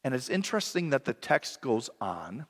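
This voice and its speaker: A man's voice: mid-range voice, sing-song, moderate pace, long reverb tail. A man preaching a sermon in an earnest, reflective way, sometimes correcting himself mid-sentence.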